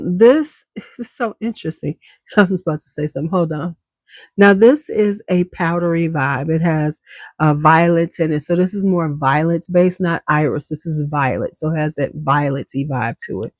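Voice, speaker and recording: A woman's voice: low voice, darkish tone, dry recording, clean studio sound. A woman giving a casual, enthusiastic perfume review, chatty and full of slang, coughing now and then. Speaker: beauty vlogger.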